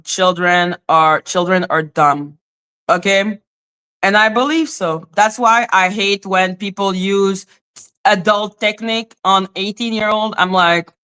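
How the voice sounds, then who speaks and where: A woman hosting a casual live stream, bluntly scolding her chat with profanity and sudden swings between high exclaims and low asides. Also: a bit bright, clean tone. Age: adult, former high school teacher.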